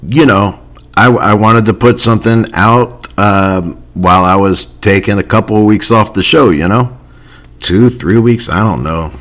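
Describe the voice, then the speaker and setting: A man hosting a comedy podcast in a low voice, talking slowly and unhurriedly. He rambles with a wry, self-mocking humor and casual asides. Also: a bit bright. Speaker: podcast host.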